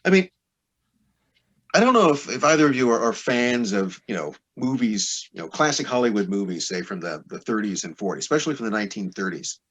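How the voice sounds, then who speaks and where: A man's voice: lowish voice, sing-song, brisk, a bit bright, slightly rough. A man as a podcast guest, explaining history in a discursive, lecturing way full of asides.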